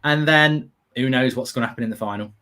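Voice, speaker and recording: A man's voice: medium pitch, fast, sharp tone, smooth. A man hosting a live football watchalong, ranting animatedly and swearing freely. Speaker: host.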